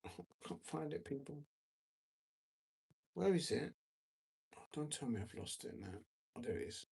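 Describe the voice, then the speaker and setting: A man's voice: a little high, sing-song, a little slow, vocal fry, a little mellow, husky. A tired man hosting a football watch-along live stream, rambling casually, using many fillers and reading out viewer comments.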